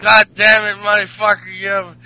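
A man voicing a drunk, crude Irish wrestler in a mock Irish accent, slurring and shouting. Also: high-pitched, monotone, moderate pace, no echo. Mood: drunk ranting.

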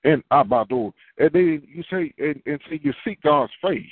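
A man's voice: fairly high pitch, lively intonation, moderate pace, husky, no room sound. A man preaching a sermon in a conversational way, asking the listeners questions and answering them himself. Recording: tinny phone-line sound, dry.

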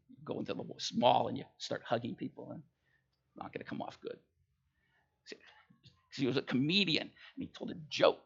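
A man's voice: mid-range voice, gravelly, fairly bright tone, husky, lo-fi sound. A man preaching a sermon in a conversational way, telling jokes and stories and checking in with his listeners. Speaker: pastor.

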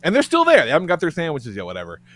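A man co-hosting a podcast, telling a story in a loud, profane way and laughing as he goes. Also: a little high, huge pitch swings, rapid-fire. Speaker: podcast co-host. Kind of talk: casual storytelling chat.

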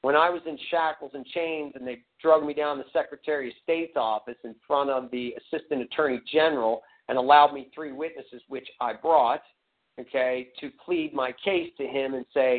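A man's voice: mid-range voice, fairly even intonation, normal speed. A man telling his story on a community call in a blunt, profane, emphatic way. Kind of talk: casual storytelling. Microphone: phone or call line. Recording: tinny phone line.

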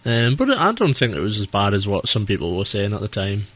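A man, co-hosting a podcast in relaxed, rambling chat full of "like" and "um". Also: lowish voice, a little fast, no room sound. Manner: laid-back and rambling, heavy use of "like" and "um". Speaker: podcast co-host. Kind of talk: casual chat.

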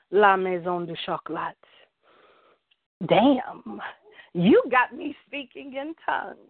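A woman caller performs spoken-word poetry with a playful, sensual delivery and draws out her words slowly. The phone line is dry and tinny. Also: fairly high pitch, dry recording. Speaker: caller and poet.

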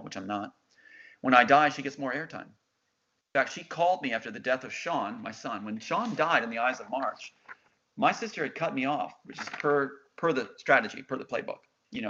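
A middle-aged man, guesting on an interview, tells his story with intense insistence and quotes what others said. His medium-pitched voice sounds pushed and bright, though the lo-fi recording is dull.

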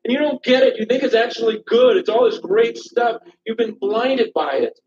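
A man preaching with urgent, impassioned force, stumbling over repeated words as he presses each point. His voice sits very high for a man. He is heard from far off in a roomy, dull-sounding church recording. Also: normal speed, a crowd in the background. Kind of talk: sermon.

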